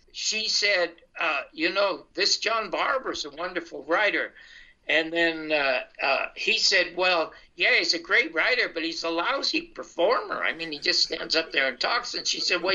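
Older male storyteller, very bright and fairly high voice, lo-fi sound. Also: moderate pace. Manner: animated anecdotal, acts out dialogue. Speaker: comedian telling his life story. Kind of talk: casual storytelling. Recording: dull lo-fi sound.

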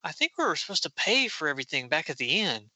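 A man voicing a shy, nervous young heroine who talks in halting bits. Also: fairly high pitch, big pitch swings, pushed and bright, dry recording, heavily acted. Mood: worried. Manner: hesitant, halting.

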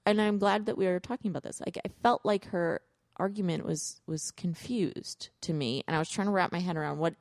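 A woman in her thirties chatting casually as a podcast co-host, telling parenting stories with lively retellings of her kids' voices. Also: fairly low pitch, fairly quick, dry recording, studio quality. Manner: animated storytelling, acts out kids' voices. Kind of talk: casual chat.

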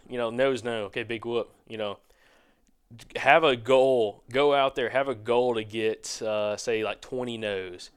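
A man's voice: medium pitch, clean tone. A man on a hunting podcast telling a long casual story, rambling with many fillers and restarts. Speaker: podcast co-host.

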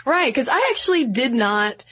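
Woman, podcast co-host, casual chat, playful, mock-dramatic readings, slightly high pitch. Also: sing-song, moderate pace, sharp tone, slightly rough. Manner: playful, reads quotes aloud with mock drama.

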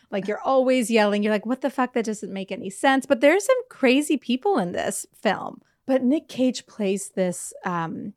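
A woman's voice: mid-range voice, dry recording. Chatty young woman co-host, loose and profane storyteller, close dry sound. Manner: chatty rambling storyteller, swears freely. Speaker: podcast co-host. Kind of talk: casual chat.

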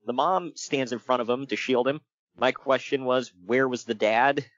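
In casual conversation, this man co-hosts a podcast reviewing wrestling, laughing a lot as he tells lively stories at a moderate pace in a mid-range voice. The sound is lo-fi, with no room sound.

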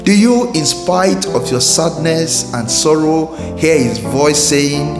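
Slightly high and lively in intonation, this male devotional host talks slowly yet barely pauses. His slow reflection is earnest and full of repeated questions, recorded with roomy reverb over soft music.

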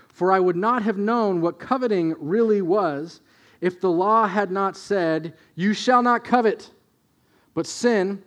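A man with a fairly high voice delivers a sermon in a storytelling way. He drops to hushed asides, then pushes up to emphatic, louder points. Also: normal speed. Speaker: pastor.

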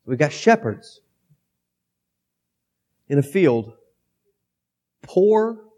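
A pastor with a cold preaching a sermon into a microphone, reading scripture aloud and then talking it through in a conversational way. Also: male voice, fairly high pitch, sing-song, extremely slow, warm tone. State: has a cold, coughing.

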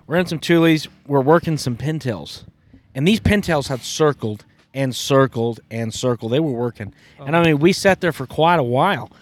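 A man telling a hunting story in a casual podcast chat, acting out the shouts of the people in it. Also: medium pitch, moderate pace. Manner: lively, acts out quoted shouts. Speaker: podcast guest.

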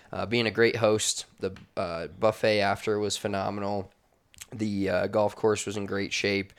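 Brash male podcast co-host, lowish voice, swears casually, rambling storyteller. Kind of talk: casual chat and read sponsor spot. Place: makeshift studio office.

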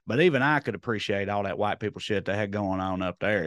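A man's voice: fairly low pitch, fast talker, hardly any pauses, fairly bright tone, no room sound, clean studio sound. A man hosting a podcast alone, chatting casually in a rambling, joking, self-deprecating way into a podcast microphone. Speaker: podcast host. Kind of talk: solo casual podcast chat.

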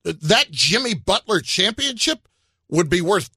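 Animated bright-voiced sports talk man. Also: high-pitched, unhurried, husky, no room sound, clean studio sound. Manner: animated, building arguments. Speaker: sports radio co-host.

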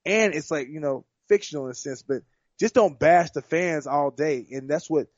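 Fighter guest, male, rambling and repeating himself, slightly high voice, dull dry recording. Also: moderate pace, no room sound. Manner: rambling, repeats words and restarts. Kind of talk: casual sports chat.

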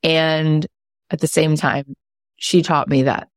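A woman's voice: sits low, level tone, slow, dry recording, studio quality. A woman in her thirties hosting an interview, chatty and enthusiastic with many fillers. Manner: enthusiastic, chatty, lots of "you know" and "like". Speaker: podcast host. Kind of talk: casual interview chat.

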